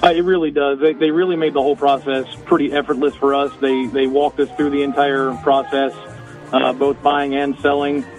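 A man's voice: mid-range voice, level tone, normal speed, soft background music, poor audio. A man appearing as a guest, giving an earnest, slightly hesitant testimonial with fillers. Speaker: guest in a sponsor segment. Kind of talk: friendly testimonial.

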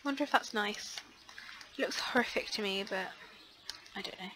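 A young woman chatting casually through a life-sim let's play, excitable, gasping and filling pauses with ums. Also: mid-range voice, background noise. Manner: chatty and excitable, frequent gasps and fillers. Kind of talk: casual gameplay commentary.

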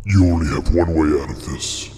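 An ominous, cavernous voice. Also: male voice, mellow, a little hiss or hum. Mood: menacing. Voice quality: deep and menacing. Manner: slow, coaxing, commanding. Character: ominous deep disembodied male voice from a hole.

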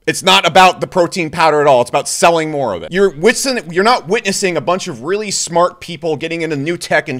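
A man with a voice sitting slightly high for a man delivers opinionated commentary straight to the viewer. He is blunt and exasperated, and often slips into mocking little voices of the people he criticizes. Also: a bit bright. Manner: blunt, exasperated, mocks others in quick put-on voices. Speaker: crypto YouTuber. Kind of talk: opinionated market commentary to camera.

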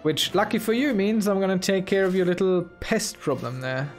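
A man with a high-pitched voice and lively intonation speaks at normal speed as he hosts a casual let's-play of his strategy game. He muses and talks playfully to himself, with soft game music in the background.

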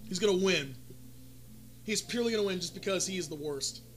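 A man's voice: high-pitched, a little fast, slight background noise. A man playing a card video game with a friend, commenting casually and ranting with lots of profanity. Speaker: gamer.

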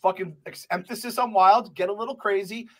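A man hosting a casual sports podcast, rambling and excitable, swearing freely. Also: high voice, a little fast. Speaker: podcast host.

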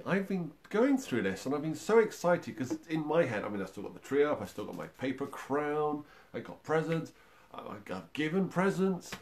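A man's voice: fairly high pitch, a little hiss or hum. A man hosting a music livestream for young children, chatting in an upbeat, encouraging way with many fillers. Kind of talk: friendly livestream talk to young children and parents.

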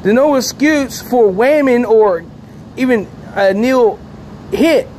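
A man's voice: very high-pitched, animated, slow pace, darkish tone, a little hiss or hum. A man rambling repetitively to camera outdoors, agitated and sleepy. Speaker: vlogger. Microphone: handheld camera.

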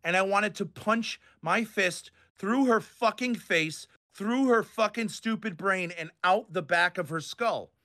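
A man's voice: high voice, measured pace, hardly any pauses, pushed and bright. A man in his fifties from Rhode Island, ranting angrily and profanely on a voice call. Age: 50s. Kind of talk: heated online group chat.

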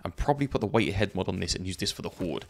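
A man's voice: low-pitched, lively intonation, racing, background noise. A man chatting casually while he plays a zombie survival game, thinking aloud and laughing often. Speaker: gaming YouTuber. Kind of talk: let's play commentary.

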